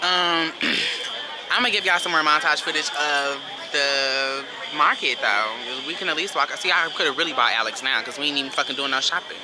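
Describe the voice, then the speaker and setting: A woman's voice: sits low, moderate pace. A woman vlogging casually into her phone while walking around a shopping market, blunt and profane. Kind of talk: casual vlog chat. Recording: loud background noise.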